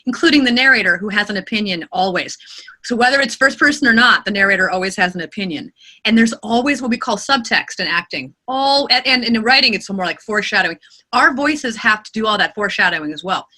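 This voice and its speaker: A woman who narrates audiobooks, answering interview questions in an expressive, animated way. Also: medium pitch.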